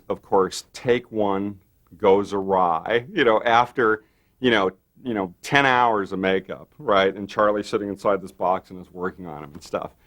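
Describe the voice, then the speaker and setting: Animated man telling a production story. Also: fairly low pitch. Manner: animated storyteller, acts out quotes with many fillers. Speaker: makeup effects artist. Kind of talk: anecdotal interview. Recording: light music underneath.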